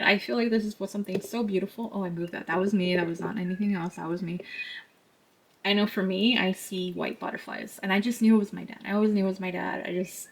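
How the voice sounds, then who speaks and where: A woman talking gently to her viewers as she reads cards, her voice soft and tender. She is sometimes close to tears and laughs at herself. Her pitch sits in the middle for a woman. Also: vocal fry, low-quality recording. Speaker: tarot reader. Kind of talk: intuitive card reading to camera.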